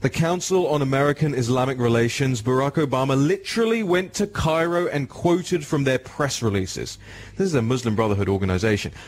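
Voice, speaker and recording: A man's voice: medium pitch, fairly quick. A man with an English accent hosting a talk radio show, speaking emphatically and addressing listeners directly.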